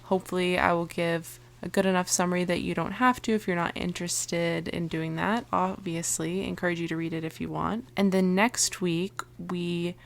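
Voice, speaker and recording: A woman's voice: lowish voice, fairly even intonation, normal speed, gravelly, few pauses. A young adult woman co-hosting a podcast in casual chat, talking with frequent "um"s and laughing easily. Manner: chatty, laughs often, hesitant fillers. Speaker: podcast co-host.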